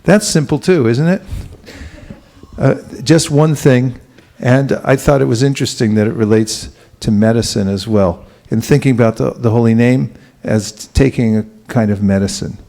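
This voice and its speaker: A man giving a relaxed, conversational spiritual talk, asking the audience questions and chuckling now and then. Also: medium pitch, normal speed, creaky. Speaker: spiritual teacher giving a class. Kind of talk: conversational sermon.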